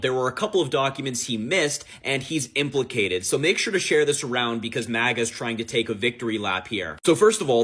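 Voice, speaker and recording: A man's voice: mid-range voice, fairly bright tone. Man making a pointed political case. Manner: pointed, reads quotes aloud, builds his case step by step. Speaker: political commentator. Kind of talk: scripted political commentary.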